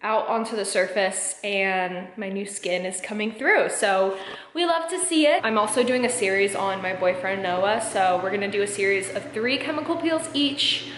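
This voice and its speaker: A woman's voice: mid-range voice, moderate pace, a bit bright. A young woman chatting casually in a vlog, rambling with lots of fillers, talking from her car. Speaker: vlogger. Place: in a car, on the road. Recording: noisy car recording.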